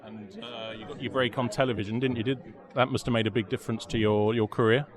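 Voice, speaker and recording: A man's voice: mid-range voice, fairly even intonation, quick pace. A man interviewing a guest for radio with brief, friendly prompting questions, a little off-mic. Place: outdoor launch event. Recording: busy crowd behind. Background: crowd chatter.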